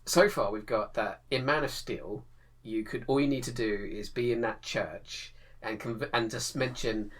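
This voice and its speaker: A man co-hosting a casual podcast. He talks in a lively, animated way, laughs easily and slips into playful voices. His voice sits at an ordinary middle pitch. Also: measured pace. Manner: animated, laughs often, acts out lines. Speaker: podcast co-host. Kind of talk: casual chat.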